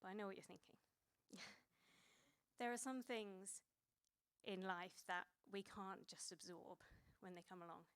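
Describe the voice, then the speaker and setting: A woman's voice: mid-range voice, a little slow, clean tone. A woman in her thirties preaching a sermon in a conversational way, with many fillers and restarts.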